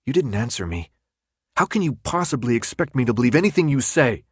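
A man's voice: mid-range voice, very animated, brisk, husky, dry recording, studio quality. A man voicing a tense, sarcastic teenage boy held captive, pushing back at his jailer. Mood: angry. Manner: sarcastic, defiant.

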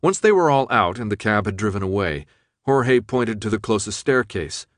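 A man reading a novel aloud as narrator, in a steady, measured manner. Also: fairly low pitch, no room sound, clean studio sound. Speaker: audiobook narrator. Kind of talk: scripted narration.

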